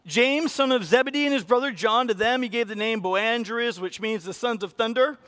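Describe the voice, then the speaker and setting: A pastor delivers a sermon at a normal speed, animated throughout, voicing the people he quotes with sudden jumps in pitch and volume.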